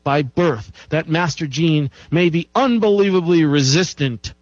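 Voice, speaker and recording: A man's voice: fairly high pitch, a little slow, no room sound, highs cut off. A man hosting a show, talking at length about health in an emphatic style and repeating key phrases for effect. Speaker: show host. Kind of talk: health talk monologue.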